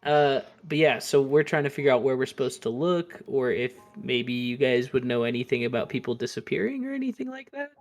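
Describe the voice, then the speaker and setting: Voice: medium pitch, lively intonation, brisk, hardly any pauses, soft background music. A player speaking in character in a tabletop game, joking and rambling with restarts. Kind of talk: casual in-character play.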